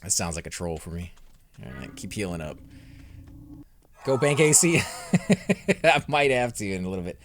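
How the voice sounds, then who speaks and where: A young man hosting a let's play, commentating his fights and chatting with viewers, growing loud and excited during combat. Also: deep voice, normal speed, pauses often, noisy background. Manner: excitable, reacts loudly to in-game fights, talks to chat. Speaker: gaming channel host.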